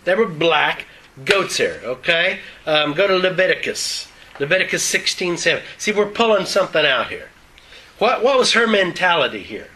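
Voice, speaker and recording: A man's voice: a little high, big pitch swings, normal speed, sharp tone, a little hiss or hum, poor audio. An older man preaching in an informal Bible teaching, joking in a folksy way between readings of scripture and speaking around loose-fitting dentures.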